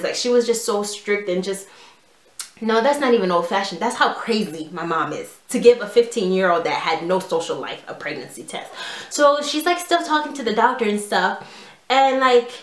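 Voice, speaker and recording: A woman's voice: mid-range voice, moderate pace. Young woman doing a storytime vlog, chatty, lotsa "like", roomy echoey sound. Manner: casual, animated storytelling with lots of "like". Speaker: vlogger. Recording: echoey room.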